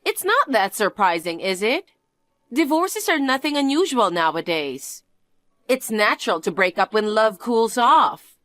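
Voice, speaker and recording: A woman's voice: a little high, big pitch swings, unhurried, fairly bright tone, no echo, clean studio sound, faint music behind. A woman doing a smug, taunting young niece. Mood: flippant. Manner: sneering, sing-song and teasing. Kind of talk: scripted dialogue drama.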